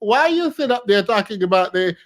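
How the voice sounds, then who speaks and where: Brief: American male commentary host, high voice, hoarse from overuse, incredulous and laughing often. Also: animated, a little fast. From United States. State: losing his voice. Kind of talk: reaction commentary.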